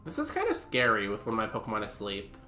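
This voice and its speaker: A young man talks through his game and chats with his viewers in a loose, rambling way full of fillers. His voice is bright and forward. The room is echoey and there is music playing behind him. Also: lowish voice, huge pitch swings, quick pace. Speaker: streamer. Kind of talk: casual live-stream commentary.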